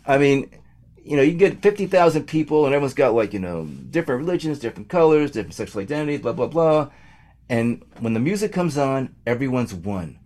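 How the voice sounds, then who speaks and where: A man's voice: mid-range voice, animated, fast talker, darkish tone. A man, a guest singer-songwriter, chatting casually and rambling with lots of fillers. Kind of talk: casual chat.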